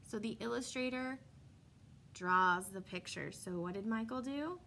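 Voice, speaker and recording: Young woman teacher doing a story read-aloud for little kids, bright clear voice, kinda high, asks questions then answers them herself, faint hum in the room. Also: measured pace. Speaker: kindergarten teacher.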